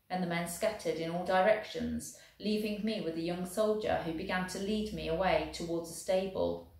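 Woman teacher, reading a novel aloud, expressive, very echoey room. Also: lowish voice, normal speed. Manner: steady, expressive storytelling. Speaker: English teacher.

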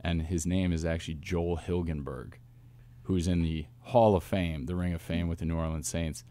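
A man, a football coach, telling stories in a casual interview with lively asides and restarts. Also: sits low. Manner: animated storyteller, quick asides and restarts. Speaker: wide receivers coach, guest.

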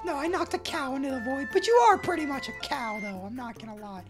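A man giving excitable gameplay commentary, yelling at what happens in the game. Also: very high-pitched, quick pace, over music. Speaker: game streamer.

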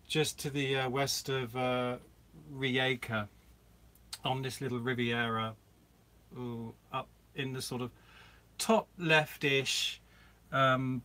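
Bright-voiced chatty man on a live stream. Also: medium pitch, steady tone, slow, long pauses. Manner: chatty, rambling, greets viewers by name. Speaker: vlogger hosting a live Q&A. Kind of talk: casual live-stream chat. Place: inside a camper van.

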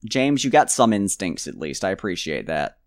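Animated low-voiced man narrating gameplay. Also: moderate pace, no room sound, studio quality. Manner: rambling, joking self-talk with mock outbursts. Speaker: let's play gamer. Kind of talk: casual gameplay commentary.

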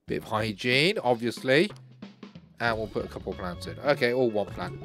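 A man's voice: medium pitch, expressive, moderate pace, a bit bright, faint music behind. A man hosting a gaming channel, chatting through a let's play and cheerfully talking to the game's characters.

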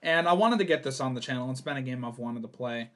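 A young man playing a horror game for his channel, reading the notes aloud, swearing and yelling when startled. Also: mid-range voice, fast talker. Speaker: gaming YouTuber. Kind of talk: horror game let's play commentary.

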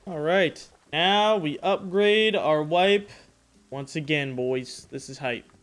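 A young man giving casual, excitable commentary over his own survival game playthrough, loose and slangy. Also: a little high, takes it slowly. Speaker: gaming YouTuber. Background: background music.

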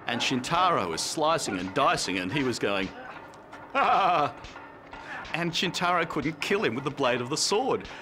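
A man's voice: medium pitch, lively intonation, moderate pace, hardly any pauses. A man interviewed outdoors, telling a story with animation and acting out scenes. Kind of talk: anecdote in an interview.

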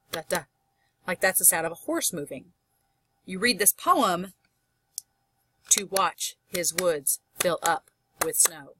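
A young woman teaching a college English lecture on poetry, enthusiastic and animated, often laughing. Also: medium pitch, dry recording. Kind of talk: recorded lecture.

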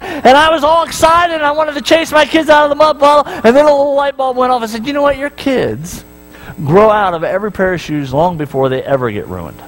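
A middle-aged man preaching a sermon, animated and storytelling, acting out voices and asking the congregation questions. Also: extremely high pitch, fast, poor audio. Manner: talks straight to the congregation with repeated questions. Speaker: pastor. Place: church sanctuary.

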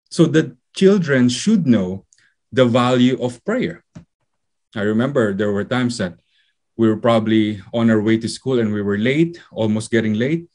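A man's voice: medium pitch, a little mellow. A man from the Philippines, preaching a sermon in a conversational, storytelling way with frequent fillers.

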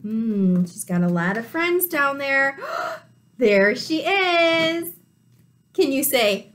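A woman teacher reading a picture book aloud to young children, animated and full of gasps. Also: sits high, slow.

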